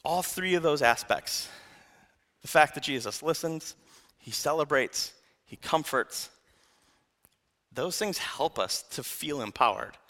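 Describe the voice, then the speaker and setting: A young man preaching a sermon in a casual, animated way, often saying "like" between thoughts. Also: fairly high pitch, slow pace, long pauses.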